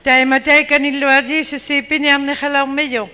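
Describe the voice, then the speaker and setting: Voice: high-pitched, level tone, fast, sharp tone. An interpreter rendering a sermon phrase by phrase into another language and echoing the preacher's acting. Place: church hall. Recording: echoey hall. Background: long hall reverb.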